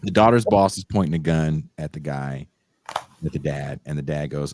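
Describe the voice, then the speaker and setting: A man hosting a podcast, recapping a movie as an excitable storyteller who laughs often and bursts into high exclamations. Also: normal speed, a little hiss or hum. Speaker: podcast host.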